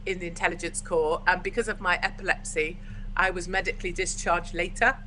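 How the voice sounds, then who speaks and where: Forthright English woman, bright tone. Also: lowish voice, steady tone, a little hiss or hum, rough recording. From United Kingdom. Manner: forthright, brisk and opinionated. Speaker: guest. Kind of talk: casual video-call chat.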